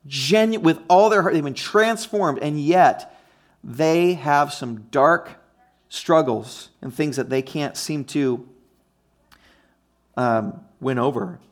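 A man's voice: a little high, slow. A man preaching a conversational teaching sermon, emphatic and often checking in with his listeners. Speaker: pastor.

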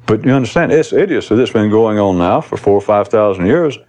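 Man, spiritual teacher, lively swooping pitch, rambling, blunt, casual swearing, recorded talk to a live audience. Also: a little fast.

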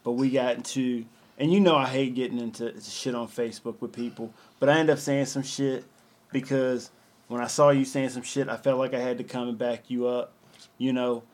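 A man hosting a casual chat show, animated and rambling, with some profanity. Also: mid-range voice, moderate pace, a little hiss or hum. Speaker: host.

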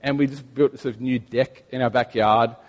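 A man in his thirties preaching a sermon as pastor, telling stories in a chatty way with gentle humor. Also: medium pitch, steady tone, fairly quick, in a large hall. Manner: conversational storytelling with gentle humor.

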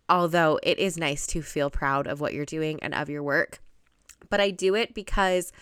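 A young woman talks alone into a close mic for her podcast, bubbly and gushing. Her voice is smooth and fairly low for a woman, and the sound is dry with no room around it. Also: fairly bright tone, dry recording. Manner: bubbly, gushing, laughs and gasps often. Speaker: podcast host. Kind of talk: solo podcast monologue.

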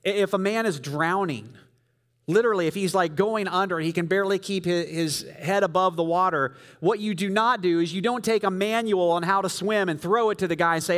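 A man preaching a sermon, telling the story vividly and swinging from loud emphasis to soft, quiet lines. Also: high voice, brisk. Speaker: pastor.

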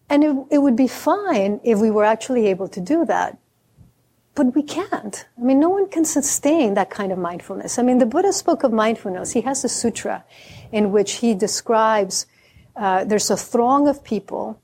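A woman Zen teacher giving a dharma talk. She is reflective and candid, slowing down to stress key words, with some self-deprecating humor. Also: on the high side, animated, dark tone.

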